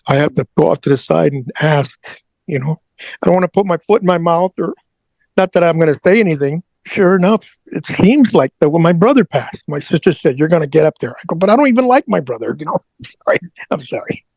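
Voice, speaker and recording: Gravelly, husky man telling his story. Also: on the high side, lively intonation, quick pace, darkish tone, no echo. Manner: earnest, repeats words as he talks. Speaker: interview guest. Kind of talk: personal storytelling in conversation.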